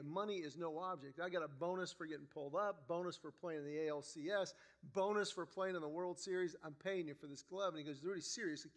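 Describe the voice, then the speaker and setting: A man preaching a sermon in a church, telling a story with lively acted-out dialogue. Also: high-pitched. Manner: animated storyteller acting out dialogue. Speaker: guest preacher.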